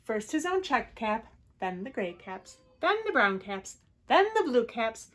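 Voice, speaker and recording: A woman preschool teacher reading a picture book aloud to children in a gentle voice, with soft asides to them. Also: on the high side, sing-song, measured pace. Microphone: home video recording.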